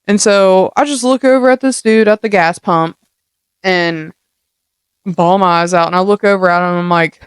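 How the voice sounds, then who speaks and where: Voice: mid-range voice, normal speed, clean tone, no echo, clean studio sound. A young adult podcast host giving a casual motivational monologue, blunt and heavily profane, full of streetwise slang.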